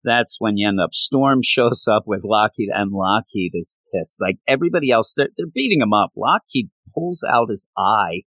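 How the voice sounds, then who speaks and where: A man chatting casually on a podcast, excited and rambling, often restarting his sentences. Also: lowish voice, moderate pace, few pauses, no echo. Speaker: podcast co-host. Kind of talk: casual chat about comics.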